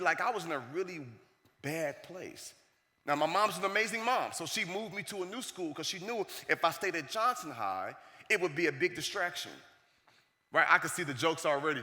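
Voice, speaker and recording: A man giving a keynote speech, telling a story in an animated way and acting out the voices of the people in it. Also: high-pitched. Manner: animated, acts out the voices of the people in his stories. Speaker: keynote speaker. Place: conference hall stage. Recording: long reverb of a large hall.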